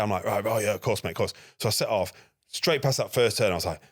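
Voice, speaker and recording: A man, a podcast guest, telling a lively anecdote and acting out his own dialogue. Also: on the low side, very fast, dry recording, clean studio sound. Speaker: guest, NGO security manager. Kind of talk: casual podcast storytelling.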